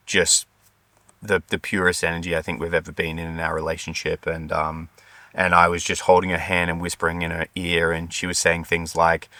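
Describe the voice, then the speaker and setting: Brief: young Australian man, low voice with a bright, forceful edge, heartfelt vlog storytelling, dry sound. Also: gravelly, dry recording. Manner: earnest, heartfelt, many ums. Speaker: vlogger co-host. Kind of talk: personal storytelling.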